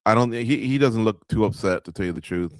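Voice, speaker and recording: A man with a fairly low voice and a fairly quick delivery hosts a live watch-along of a fight night in radio-host style. He breaks down the action loosely and conversationally, speaking straight to viewers with plenty of filler words. The studio-quality recording has no room sound.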